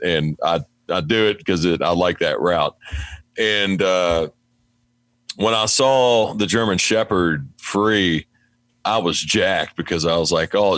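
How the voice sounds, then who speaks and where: A man's voice: deep voice, a bit bright, no echo. Cussing West Virginian man telling stories. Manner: profane, storytelling, acts out his own talk to dogs. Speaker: podcast guest, mail carrier. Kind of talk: casual chat.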